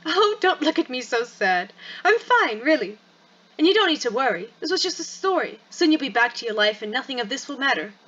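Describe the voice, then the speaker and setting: A woman voicing a gentle, sorrowful male wizard gatekeeper with a soft, resigned, consoling way of talking, read aloud from a game. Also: high-pitched, very animated, brisk, lo-fi sound, heavily acted. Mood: gentle, sad.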